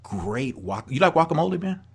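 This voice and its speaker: A man's voice: fairly high pitch, fairly quick, creaky, husky. A middle-aged man from the American Midwest, co-hosting a casual chat and telling stories with lots of laughter. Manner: animated storyteller, laughs often. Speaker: podcast co-host.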